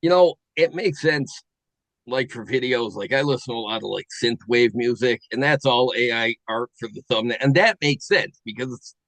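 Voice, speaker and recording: A man's voice: mid-range voice, fairly bright tone, no room sound, rough recording. Musing middle-aged man, dry close sound. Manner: musing, halting, with many fillers and restarts. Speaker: podcast host. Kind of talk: casual chat.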